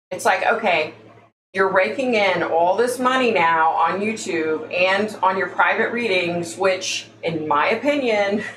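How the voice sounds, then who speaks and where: With a lowish yet fairly bright voice, this woman runs a laid-back psychic livestream, chattering and sounding exasperated while calling her audience y'all. There's room echo and a little background noise.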